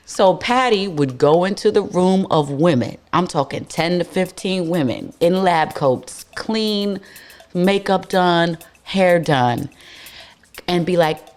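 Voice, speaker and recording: A young woman hosting a podcast tells a story in a blunt, slangy, animated way. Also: sits low, unhurried. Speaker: podcast host. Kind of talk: casual storytelling monologue.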